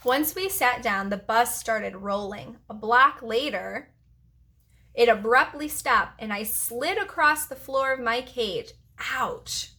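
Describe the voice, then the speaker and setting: Bright-voiced woman reading a storybook. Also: fairly high pitch, slow. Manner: expressive, warm storytelling. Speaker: preschool teacher. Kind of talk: reading a storybook aloud to children.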